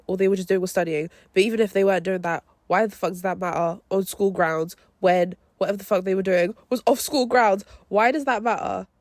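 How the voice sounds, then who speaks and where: A woman's voice: medium pitch, a little mellow, no room sound, close to an everyday voice. A young woman acting out an angry mother telling off a teacher, indignant and sweary.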